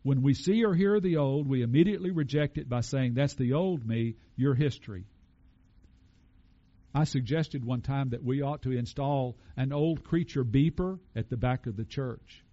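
Man, relaxed sermon, mellow tone, muffled lo-fi sound. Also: medium pitch, normal speed. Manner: conversational preaching, asks the congregation questions. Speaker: pastor.

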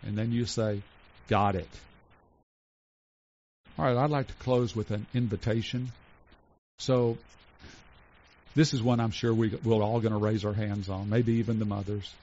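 A pastor preaching a sermon in an earnest way, slowing down to stress each item in a list and going soft for tender points. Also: male voice, on the low side, fairly even intonation. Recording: dull lo-fi recording.

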